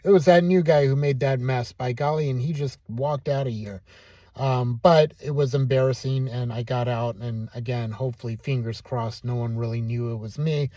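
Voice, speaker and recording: Middle-aged man, video diary, glum self-mocking musing, warm dark tone, dry close sound. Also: medium pitch, fairly even intonation, normal speed, no echo. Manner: downcast, self-deprecating, musing. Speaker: vlogger.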